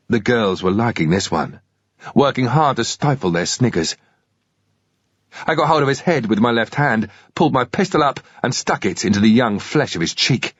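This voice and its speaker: A man narrating a thriller audiobook in the first person, in a steady, measured way. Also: mid-range voice, husky, dry recording, muffled recording.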